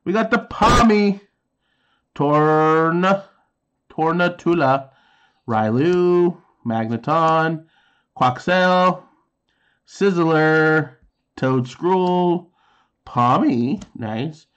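A man's voice: fairly high pitch, animated, extremely slow, long pauses, fairly bright tone, smooth, dull audio. A man in his thirties casually chatting while opening trading card packs, reading card names aloud and making sound effects. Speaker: card unboxing host.

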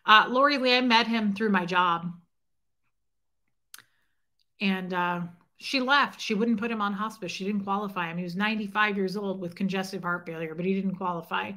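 Bright-voiced woman rambling on a livestream. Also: medium pitch, normal speed. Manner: rambling storytelling with restarts, answering chat by name. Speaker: livestream host. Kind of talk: emotional casual livestream talk.

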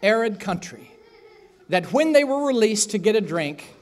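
A man's voice: sits high, animated, normal speed. A man preaching a sermon in a church, telling a story with acted-out voices and asking the congregation questions. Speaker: pastor. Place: church sanctuary.

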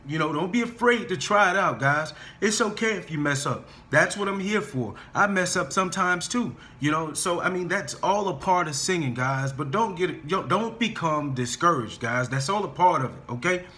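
A man teaching a singing lesson, talking his students through warm-up scales and encouraging them, often stopping to repeat himself and say "okay?" and "guys". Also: on the high side, expressive, moderate pace, few pauses. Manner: restarts and stammers while explaining.

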